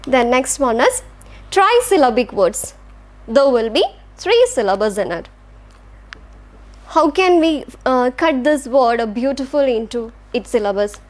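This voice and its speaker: A woman's voice: high-pitched, big pitch swings, measured pace. A woman with an Indian English accent, teaching a lecture and patiently sounding out words syllable by syllable. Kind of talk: classroom lecture.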